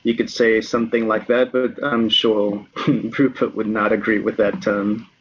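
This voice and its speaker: Man doing a faltering, courteous barkeep lady, lower voice, dull recording. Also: little pitch movement, a little slow, a bit bright, a little hiss or hum. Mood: hesitant. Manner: hesitant, full of ums. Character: woman tavern keeper, polite and unconventional.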